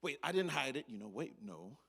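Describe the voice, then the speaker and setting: A man playing a tired worker who keeps hiding his burdens, talking in nervous hushes and whispers. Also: medium pitch, very animated, normal speed, breathy edge, heavily acted. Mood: flustered. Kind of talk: sketch acting.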